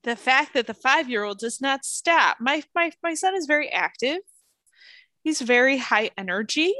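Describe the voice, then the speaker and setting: A woman in her thirties chats on a remote podcast, her fairly high voice leaping up and down as she acts out bits of her stories. The sound is dry and close, with no room around it. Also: moderate pace, dry recording. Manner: animated storyteller, acts out voices, laughs often. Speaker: podcast co-host. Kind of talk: casual chat. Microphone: headphones over a video call.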